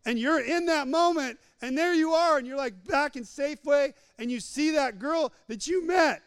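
A man's voice: extremely high pitch, moderate pace, a bit bright, no echo, clean studio sound. A man preaching a humorous sermon, repeating phrases for emphasis and acting out little scenes in different voices.

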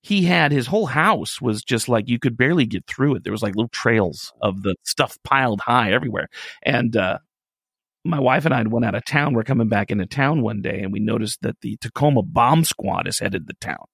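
A man on a radio talk show spins a casual story into a studio microphone. His voice has a gravelly, creaky grain and swings widely in pitch as he gets animated. The sound is close and dry. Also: a little fast, no room sound. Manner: animated, laughs through his own story.

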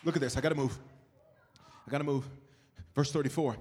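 A man preaching a sermon as pastor, moving from loud shouted calls to quiet, hushed storytelling. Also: medium pitch, steady tone, fairly quick, a little hiss or hum.

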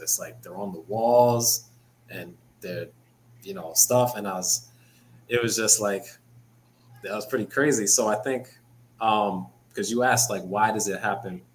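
Low-voiced man in casual talk. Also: slight background noise, poor audio. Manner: relaxed, thoughtful, many "you know" fillers. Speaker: podcast co-host. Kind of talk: casual chat.

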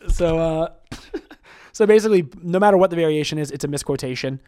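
A man's voice: on the high side, brisk, mellow, smooth. A man co-hosting a casual podcast, explaining things in a chatty way with plenty of fillers. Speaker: podcast co-host presenting quotes.

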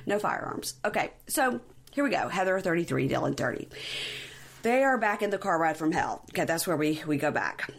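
A woman hosting a podcast, telling a reality TV story in lively casual chat and acting out the quotes. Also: lowish voice, brisk, gravelly. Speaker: podcast host.

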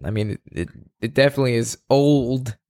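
A man's voice: medium pitch, fairly quick, dark tone. A man co-hosting a podcast, chatting casually, upbeat and joking as he plugs the show. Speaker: podcast co-host.

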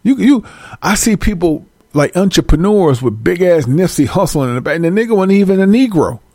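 Gravelly man on a comedic rant. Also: sits high, a little fast, no echo. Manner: animated, profane, laughing between lines.

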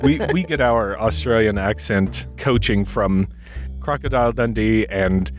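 A man's voice: on the low side, unhurried, faint music behind. A man co-hosting a trivia podcast, reading out questions and bantering in a playful, jokey manner.

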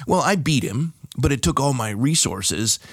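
In a clean studio recording with no room sound, a middle-aged pastor from California shares a personal story during a podcast interview. His husky, medium-pitched voice is expressive and moves at a normal speed. He tells it with emphasis, raising his voice whenever a punch line lands.

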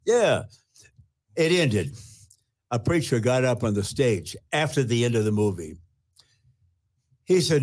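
A man's voice: medium pitch, very animated, darkish tone. Older man telling his testimony. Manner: earnest, with halting restarts. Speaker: retired pastor. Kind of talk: personal testimony storytelling.

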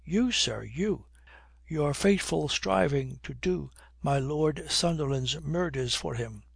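A man's voice: on the high side, lively intonation, slow pace, gravelly, husky, no echo, clean studio sound, heavily acted. A man voicing an impudent, brash young man who mocks everyone with old-fashioned oaths, in a storybook reading. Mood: mocking. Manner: impudent, flippant, period oaths.

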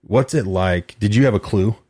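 A man hosting a podcast, asking relaxed questions and laughing along with his guest. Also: on the low side, normal speed, no echo, studio quality. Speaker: podcast host. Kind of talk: casual interview chat.

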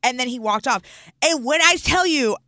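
A young woman hosting a radio show, telling a story in animated casual banter with laughter and profanity. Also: sits high, moderate pace, dry recording, studio quality.

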